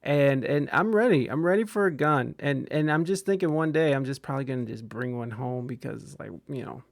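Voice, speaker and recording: A man's voice: medium pitch, brisk, creaky, no room sound, studio quality. A man from Ohio hosting a casual podcast chat, talking in a profane, rambling way with many stammers and restarts. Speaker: podcast host.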